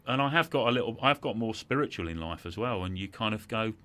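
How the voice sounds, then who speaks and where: Low, bright-voiced man telling a hard story. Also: expressive, quick pace. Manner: reflective, repeats words when moved. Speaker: guest. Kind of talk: emotional storytelling in conversation.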